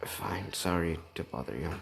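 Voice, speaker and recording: A man voicing a teenage girl who looks after kids, polite but firm, in a softly spoken fan story. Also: deep voice, normal speed, creaky. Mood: defensive.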